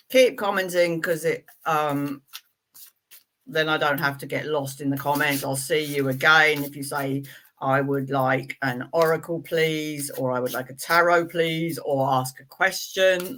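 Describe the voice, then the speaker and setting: Middle-aged woman, tarot reader, chatty live-stream host, low-ish bright voice. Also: slight background noise. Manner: chatty and playful, rambling asides. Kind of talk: casual live-stream reading.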